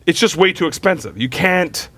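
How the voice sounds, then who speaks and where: A man's voice: sits high, expressive, normal speed, fairly bright tone, dry recording. A man on a live stream chat, telling a story and teasing, mimicking other people as he goes.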